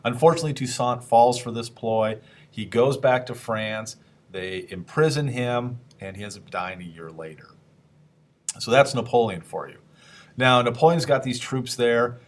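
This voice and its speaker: A man of middle pitch lectures on history the way a teacher talks to a class. He keeps it loose and conversational, throws questions at his listeners and slips into quick, playful voices for historical figures before picking the thread back up.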